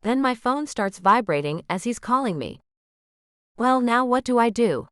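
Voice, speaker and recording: A woman narrating a romance audiobook in the first person, musing in an expressive, questioning way. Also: fairly high pitch, moderate pace, clean tone, dry recording, clean studio sound.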